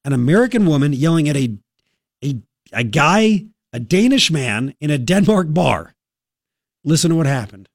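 Radio talk show guy, sarcastic and worked up, kinda high voice, dry close studio mic. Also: big pitch swings, moderate pace, creaky, no room sound. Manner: sarcastic, indignant ranting. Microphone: studio microphone.

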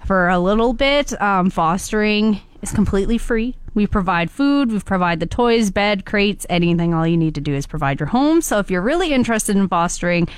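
A woman's voice: mid-range voice, lively intonation, fairly quick, hardly any pauses, smooth, no echo. A woman guesting on a radio show, talking about shelter pets in a bubbly, chatty way. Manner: bubbly, chatty, laughs often. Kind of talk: casual radio interview.

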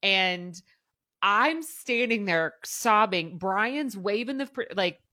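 A woman's voice: mid-range voice, takes it slowly, dry recording. A woman in her thirties, a mother, chatting casually and acting out quotes as she tells stories, laughing often. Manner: animated storytelling, acting out quotes. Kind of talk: casual chat.

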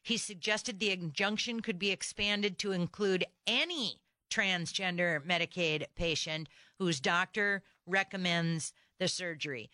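A woman hosting a talk radio program, worked up and firing off indignant rhetorical questions. Her voice is bright and forceful, smooth and crisp, and it sits close and dry on a studio microphone. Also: lowish voice, a little slow, no echo. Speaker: radio talk show host. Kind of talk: opinionated talk radio monologue.

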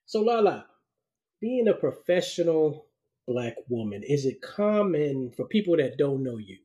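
Husky, laid-back man hosting an interview. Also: on the high side, sing-song, unhurried, warm tone, lo-fi sound. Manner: affirming, uses slangy casual speech, many backchannels. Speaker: podcast host. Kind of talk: casual interview chat.

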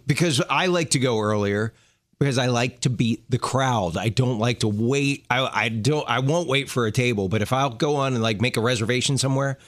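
A man's voice: mid-range voice, a bit bright, no room sound, clean studio sound. A man co-hosting a casual radio chat, joking and teasing and laughing often. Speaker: radio co-host.

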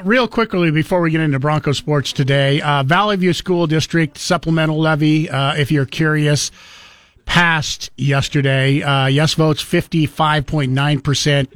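A man's voice: on the high side, normal speed, fairly bright tone, dry recording. Male radio host with a dry sound. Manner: storytelling with quoted voices and chuckles. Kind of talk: casual radio talk.

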